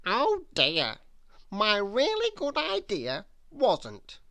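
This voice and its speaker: A woman reads a children's bedtime story aloud expressively in the first person, her pitch swinging widely at a slow, unhurried pace. Her voice has vocal fry, and the recording is dry and close with no echo.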